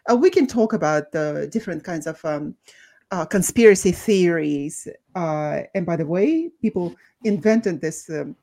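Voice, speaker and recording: A woman co-hosting a podcast, talking thoughtfully with many pauses and restarts. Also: on the low side, expressive, mellow. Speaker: co-host, doctor. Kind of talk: casual podcast talk.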